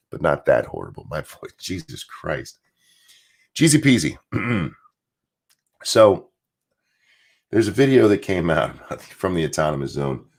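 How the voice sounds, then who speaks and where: A man with a strained, hoarse voice, ranting casually as host of a live stream and reading out viewer messages. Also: low-pitched. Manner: blunt, rambling, reads out viewer messages. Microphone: desk mic.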